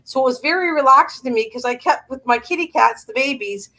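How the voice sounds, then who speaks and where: Older woman host from Canada, high pitch, casual rambling storyteller. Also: animated, a little fast, bright, forceful tone, rough recording. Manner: chatty storyteller, laughs often. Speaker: livestream host chatting with viewers. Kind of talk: casual live chat.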